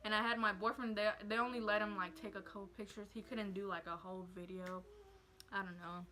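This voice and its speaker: A woman's voice: mid-range voice, steady tone, brisk, bright, forceful tone, rough recording. Emotional young woman telling a story. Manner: emotional, rambling with many fillers. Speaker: vlogger telling her birth story. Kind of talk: casual story time.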